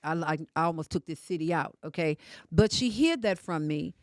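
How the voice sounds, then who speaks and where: An older woman, a podcast guest telling her family story with forceful emphasis. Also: low-pitched, expressive, normal speed, dry recording, studio quality. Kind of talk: emotional casual conversation.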